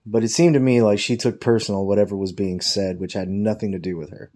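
A man's voice: fairly low pitch, fairly even intonation, fast talker, dark tone. A man telling a rambling, profane workplace story in a casual way, quoting his coworkers in mocking voices. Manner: profane, rambling anecdote with quoted dialogue.

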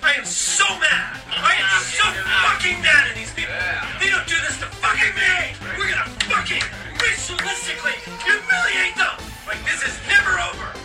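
An actress playing a belligerent, shrill female cartoon townsperson who rants and shouts. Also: big pitch swings, moderate pace, heavily acted. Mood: furious. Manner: shouting tirade. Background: music.

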